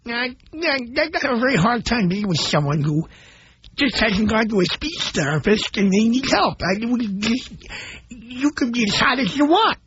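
A middle-aged man hosting a call-in radio show, blunt and animated as he tells stories to his listeners. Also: very high voice, normal speed, husky, no room sound. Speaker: radio talk show host. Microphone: studio microphone. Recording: dull broadcast audio.

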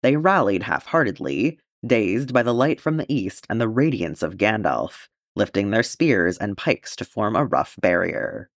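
Brief: male audiobook reader, expressive storyteller, animated delivery. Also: on the low side, a little slow, few pauses, no room sound, studio quality. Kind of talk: fan-fiction audiobook narration.

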